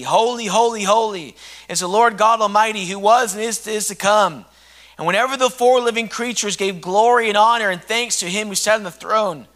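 A man preaching a sermon with passion, swinging from hushed, intimate lines to loud shouting. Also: sits high.

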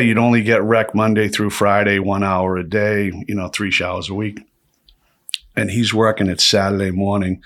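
A man telling rough prison stories in a casual, profane, animated way, acting out the voices. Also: on the low side. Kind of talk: casual storytelling chat.

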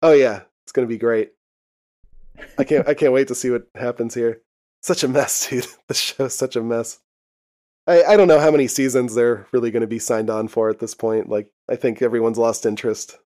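A man's voice: mid-range voice, fairly even intonation, normal speed, mellow. Laid-back young man, casual podcast chat. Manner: laid-back, laughs often, swears casually. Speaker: podcast co-host. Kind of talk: casual chat recapping a TV show.

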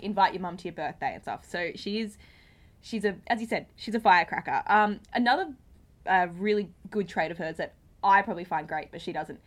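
Playful young woman. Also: medium pitch. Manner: playful, teasing. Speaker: podcast co-host. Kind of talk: casual chat.

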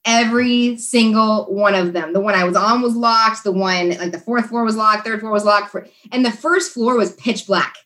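A woman, a guest in a conversation, tells a story in a lively, chatty manner with many fillers. Her voice sits a little higher than most. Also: normal speed, hardly any pauses. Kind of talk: casual storytelling.

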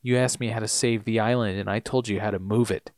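A man voicing a calm, knowing older man from a TV drama, speaking in a low, measured way while recapping scenes. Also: no echo, studio quality, natural voice.

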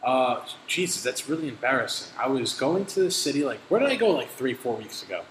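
A man holds forth in a lively, bright voice that swings up and down as he tells his story. His talk is full of profanity and exasperated asides. The room behind him is echoey, with a faint hiss underneath. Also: mid-range voice, fairly quick. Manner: profane, animated rants, exasperated. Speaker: podcast host. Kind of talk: casual chat, storytelling.

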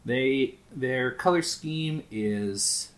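A man's voice: mid-range voice, extremely slow. A man narrating as game master of a sci-fi tabletop game, casual and swearing freely, often laughing.

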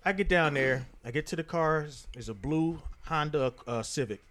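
A man telling a profane, animated story to friends, acting out the voices of people in it. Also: fairly high pitch, moderate pace. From Philadelphia. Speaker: storyteller guest. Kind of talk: casual storytelling among friends.

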